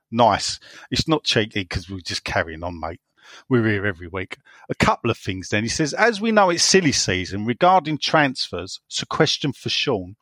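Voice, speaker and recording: A man co-hosting a podcast reads listener messages aloud and teases them as he goes, his pitch jumping about with lively swings. The sound is dry and close, with no room around it. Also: a little slow, no echo. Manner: jokey, teasing, laughs often. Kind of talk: casual banter.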